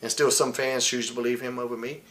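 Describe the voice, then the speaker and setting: Guesting in an interview, a wrestler in his forties gives frank, heated, blunt accounts, laced with profanity and quotes delivered in mock voices. He talks fast in a mid-range, fairly bright voice with a level tone, and slight background noise is audible.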